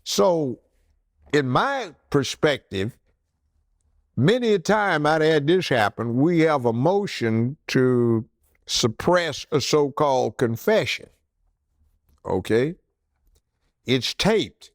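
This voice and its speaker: An older man with a gravelly, creaky voice, a former judge spinning courtroom stories in an interview. He slips into the voices of the people he describes. The sound is dry and close. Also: on the high side, slow, long pauses, no echo. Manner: animated storyteller acting out other voices. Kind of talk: storytelling interview.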